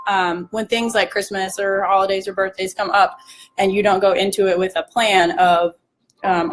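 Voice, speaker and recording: A young woman nutrition coach with a hoarse, roughened voice, chatting casually in a live-stream Q&A and acting out dieters' self-talk. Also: mid-range voice, little pitch movement, moderate pace, a little hiss or hum, rough recording.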